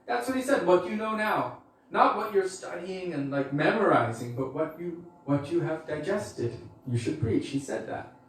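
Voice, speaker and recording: A man's voice: on the high side, animated, normal speed. A male preacher telling a personal story in a casual, conversational way, full of fillers. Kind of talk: storytelling talk. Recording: echoey hall, mic far off.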